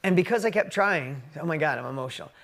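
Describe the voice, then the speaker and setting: A man in his forties giving a motivational business talk, emotional and shifting from loud emphatic bursts to quiet reflection. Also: a little high, lively intonation, fast, vocal fry. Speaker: business speaker.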